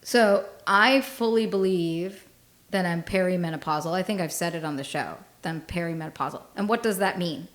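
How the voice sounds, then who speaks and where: A woman's voice: on the low side, normal speed. A woman in her forties co-hosting a podcast in casual comedic chat, self-deprecating and laughing often as she tells stories. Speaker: podcast co-host.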